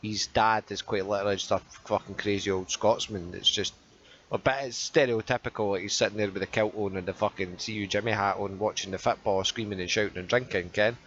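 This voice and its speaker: A man's voice: lowish voice, a little fast. A Scottish man hosting a podcast in casual chat, swearing freely and telling stories with put-on voices. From Scotland. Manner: sweary, animated storytelling with mock voices. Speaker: podcast host. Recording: muffled podcast audio with faint background noise.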